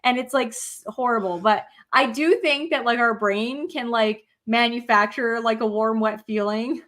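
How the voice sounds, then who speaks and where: A woman's voice: on the high side, moderate pace, a bit bright. A woman co-hosting a casual chat, speaking frankly with lots of fillers and the odd swear. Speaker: co-host.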